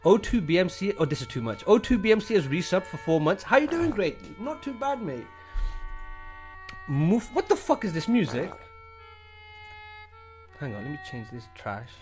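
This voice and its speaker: A man's voice: high voice, wildly swooping pitch, normal speed, pauses often. A young British man streaming live, reading chat and thanking subscribers in a casual, profane way. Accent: British English. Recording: faint music behind the voice.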